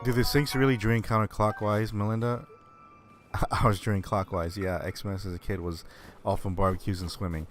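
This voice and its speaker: A man's voice: fairly low pitch, fairly even intonation, normal speed, faint music behind. Rambling, laughing game streamer man. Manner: rambling, laughs often while retelling stories. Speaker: streamer playing a video game. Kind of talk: casual chat with viewers.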